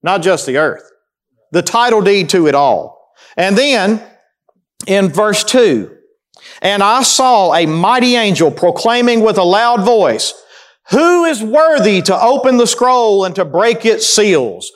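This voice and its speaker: Preacher, man, high voice, emphatic teaching sermon with call-and-answer questions. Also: lively intonation, slow pace. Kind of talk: sermon teaching through scripture.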